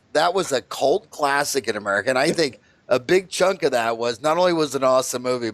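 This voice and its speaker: Man, podcast host, slightly high voice, casual, rambling, jokey. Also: dry recording. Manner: rambling, jokey storyteller with many fillers. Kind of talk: casual interview chat.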